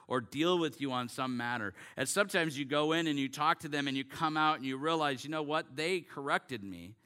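A man preaching a sermon as a pastor, earnest and emphatic, slowing down to stress scripture. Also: medium pitch, sharp tone, smooth.

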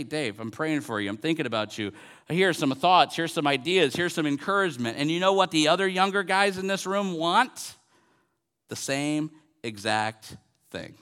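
A man's voice: mid-range voice, bright, forceful tone. A man in his forties, a pastor, preaching a sermon in an earnest way, repeating phrases and building to emphatic peaks. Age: 40s.

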